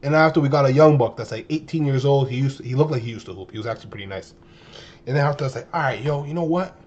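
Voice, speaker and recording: A man in his twenties telling a story to his viewers in a casual, animated way, full of slang and exaggeration. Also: mid-range voice, very fast, dull audio. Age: 20s. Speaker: streamer.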